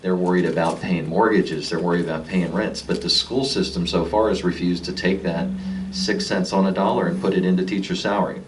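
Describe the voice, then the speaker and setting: Very deep-voiced man arguing firmly. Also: steady tone, fairly quick. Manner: firm, argumentative. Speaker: county supervisor. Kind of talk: public debate. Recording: distant mic with faint noise.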